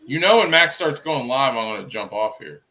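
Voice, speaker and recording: A man's voice: medium pitch, sing-song, moderate pace, bright, forceful tone, dull audio. A man casually chatting with viewers on a livestream, joking around and laughing often. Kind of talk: casual live chat.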